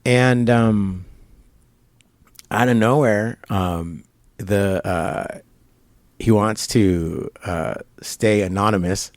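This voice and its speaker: A middle-aged man telling a long personal story in an interview at a barbershop, halting and rambling, acting out the people he quotes. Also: lowish voice, dry recording. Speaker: guest.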